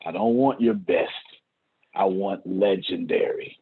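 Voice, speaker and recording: A man's voice: low-pitched, unhurried, breathy edge. A man hosting a motivational talk to his staff on a video call, preachy and repeating his points, often laughing. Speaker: host. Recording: tinny phone-like call audio.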